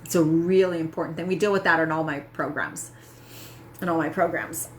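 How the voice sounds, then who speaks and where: A middle-aged woman coach speaks in a fairly low voice, candid and self-mocking, checking in with her listeners as she goes. A faint hum of room sound sits behind her. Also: steady tone, a little fast. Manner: candid, self-mocking, frequent "right?" asides. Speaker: health coach. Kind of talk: casual talk to camera.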